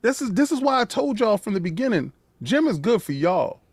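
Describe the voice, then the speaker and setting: A man's voice: sits high, brisk, husky, dry recording. A man hosting a podcast, ranting emphatically with many restarts in a casual conversation. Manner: emphatic, animated, repeats words when starting a sentence. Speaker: podcast host.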